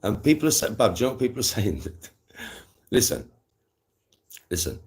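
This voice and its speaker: A man's voice: on the low side, moderate pace. Slangy man ranting on a livestream. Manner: animated, swearing, slangy rants. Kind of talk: casual live-stream chat to viewers.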